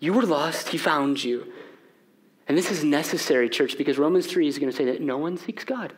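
A man's voice: fairly high pitch, fairly quick. A middle-aged man preaching a sermon as pastor in a church, talking conversationally and asking the room rhetorical questions. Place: church sanctuary.

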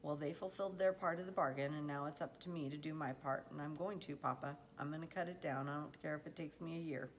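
A woman's voice: sits low, fairly even intonation, quick pace, hardly any pauses, a little hiss or hum, close to an everyday voice. A woman reading aloud as a determined young farm boy who speaks earnestly and pleadingly.

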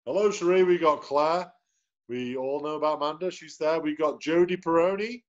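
A man's voice: a little high, normal speed. A man hosting a sales team video call, chatting cheerfully and greeting people one by one. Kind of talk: upbeat motivational team call. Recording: dull lo-fi video call audio.

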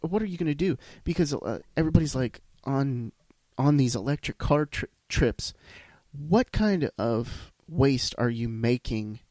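A man's voice: medium pitch, darkish tone, dry recording. A man hosting a solo podcast, ranting bluntly with lots of swearing and restarts. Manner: blunt, profane, rambling with restarts. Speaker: podcast host.

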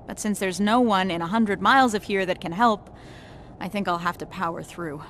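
A woman's voice: medium pitch, moderate pace, fairly bright tone, lightly acted. Woman doing a tough cussing soldier girl in a game cutscene, medium voice, slight hum behind. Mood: subdued, grieving. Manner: blunt and profane. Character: blunt, profane young resistance soldier woman, grieving. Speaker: soldier, explosives specialist. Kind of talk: video game cutscene acting.

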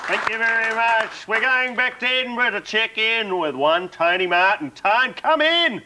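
A man's voice: high voice, steady tone, sharp tone, some chatter behind, a little hiss or hum. A man hosting a live TV show, easygoing and laughing often. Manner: laughing, easygoing, quick wrap-ups. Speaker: TV host. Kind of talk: live TV chat.

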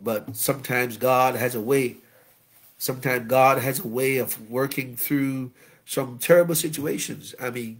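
A man, a bishop, preaches at a Bible study. He talks in an animated way, tells funny stories, and puts in frequent amens and shouts of praise. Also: mid-range voice, creaky. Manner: humorous, anecdotal. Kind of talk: sermon.

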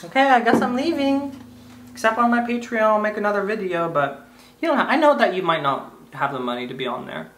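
A man's voice: high-pitched, lively intonation, brisk, a bit bright, slight background noise. A man vlogging in a goofy, rambling way, breaking into sing-song bits and playful asides to the viewer. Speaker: YouTube vlogger. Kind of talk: rambling comedic vlog. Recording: roomy echo.

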